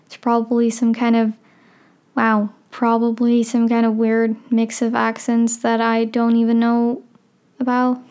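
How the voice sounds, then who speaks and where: Teen girl, Dutch accent, solo podcast host; slow, rambling, self-deprecating, smooth clear voice. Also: on the high side, monotone, a little mellow. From Netherlands. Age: teens. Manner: chatty, rambling, self-deprecating, many fillers. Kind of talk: casual solo podcast chat.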